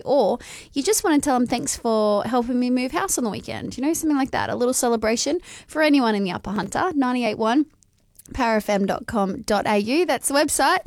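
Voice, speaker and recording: A woman's voice: on the high side, dry recording. Chatty Australian woman radio host. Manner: chatty, friendly, rattles off phone numbers and web addresses. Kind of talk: casual breakfast radio chat. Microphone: studio microphone.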